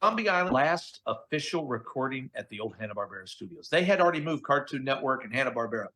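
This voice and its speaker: A middle-aged voice actor, guesting in a casual interview, tells stories with lots of animation and acts out the voices of the people he quotes. He talks fast in a mid-range voice, captured as podcast audio.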